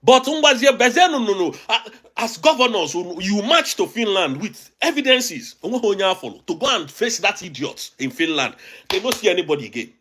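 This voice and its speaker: Nigerian male host, high and lively voice, emphatic and agitated commentary with lots of repetition. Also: moderate pace, slight background noise. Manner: emphatic and agitated, repeating phrases. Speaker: online show host. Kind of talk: impassioned political commentary. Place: abroad, recording a video.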